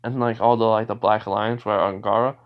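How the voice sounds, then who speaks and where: A man's voice: lowish voice, little pitch movement, brisk. A young man casually retelling a fan story, rambling with many restarts, in a dull lo-fi recording. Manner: rambling, many fillers and restarts, laughs often.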